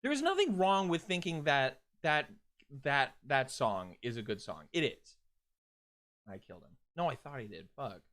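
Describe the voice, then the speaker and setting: A man's voice: mid-range voice, sing-song, moderate pace, fairly bright tone. A man chatting casually while streaming a video game, rambling and swearing, with many restarts. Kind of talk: casual gaming stream chat.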